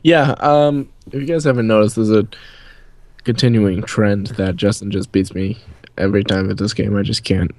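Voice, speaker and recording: A man's voice: lowish voice, steady tone, normal speed, darkish tone, dry recording. A young man from New England in a casual storytime chat, rambling and swearing as he rants. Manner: rambling, profane, ranting. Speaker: co-host.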